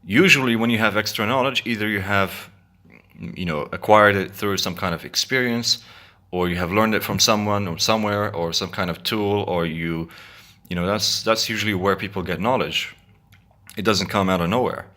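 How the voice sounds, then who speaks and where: A man's voice: lowish voice, moderate pace, bright, forceful tone. A man talking earnestly to his viewers in a casual monologue, often restarting his words. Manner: earnest, repetitive, stumbling restarts. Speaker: video blogger.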